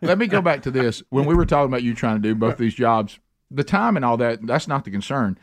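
A man's voice: medium pitch, expressive, fast talker, no room sound. A middle-aged man, hosting a comedic talk radio show and telling rambling stories with lots of restarts.

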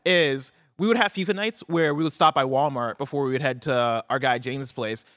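A man's voice: mid-range voice, normal speed, a bit bright, no room sound, studio quality. A young man co-hosting a podcast in casual chat, telling stories animatedly, with frequent swearing and "right?" tags. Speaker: podcast co-host.

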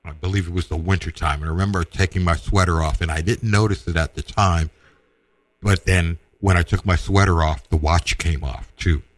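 A middle-aged man casually telling a personal story, with halting restarts and acted-out quotes. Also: deep voice, steady tone, no echo. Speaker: storyteller guest.

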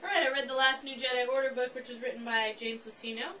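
A woman's voice: high voice, flat delivery, fast talker, far from the mic. A woman co-hosting a fan podcast, reading scripted tips and chatting animatedly in casual banter. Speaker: podcast co-host. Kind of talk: casual chat. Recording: dull lo-fi recording with faint hiss.

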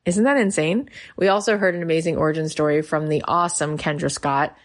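Low-voiced woman host introducing a clip. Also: brisk. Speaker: podcast host.

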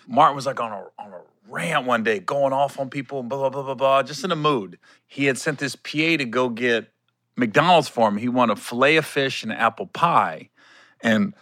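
In a dry studio recording on a podcast mic, a middle-aged man runs his own solo show with a bright, forceful mid-range voice. He chats casually, telling stories with laughter and voices he quotes.

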